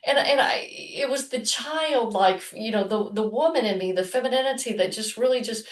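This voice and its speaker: A woman co-hosting a podcast, telling a personal story in a loose, rambling way with many restarts and soft murmurs. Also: a little high, normal speed, reverberant, far from the mic. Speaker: podcast co-host. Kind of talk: casual chat, personal storytelling.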